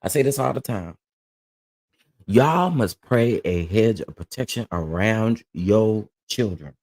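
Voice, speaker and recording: A man's voice: fairly low pitch, lively intonation, slow, darkish tone. A man hosting a live-stream commentary, reading news reports with fillers and then ranting in casual slang. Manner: reads reports with fillers, then rants with rising heat; uses southern Black American slang like y'all, honey, child. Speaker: commentary host.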